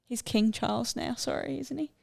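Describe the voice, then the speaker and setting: Chatty young woman with gravelly fry. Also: fairly high pitch, moderate pace, a little mellow. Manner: chatty, rambling, easily sidetracked. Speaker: podcast co-host. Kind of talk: casual chat.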